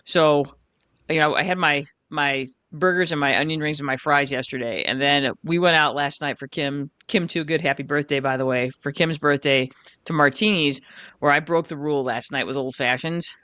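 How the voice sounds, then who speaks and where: Brief: American woman, casual podcast host, bright voice, laughs easily, swears. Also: low voice, moderate pace, clear, resonant tone, dry recording. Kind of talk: casual chat.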